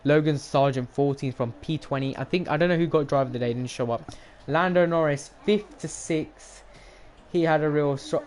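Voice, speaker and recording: Brief: young male streamer, rambling and excitable, faint background hiss. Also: medium pitch, brisk. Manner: excitable, rambling, talks to chat. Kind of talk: live game stream commentary.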